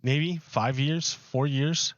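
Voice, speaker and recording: Slow, rambling male streamer. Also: medium pitch, steady tone, no room sound, dull audio. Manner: rambling, chatty, with many fillers and restarts. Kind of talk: casual livestream chat while gaming. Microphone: close desk microphone.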